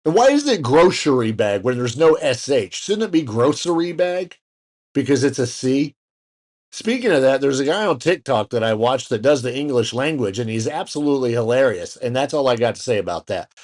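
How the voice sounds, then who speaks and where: A man's voice: mid-range voice, lively intonation, a little fast, darkish tone. Male podcast co-host, casual and rambling, mid-range voice, plenty of fillers and side jokes. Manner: rambling, lots of fillers and restarts, jokey asides. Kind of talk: casual chat.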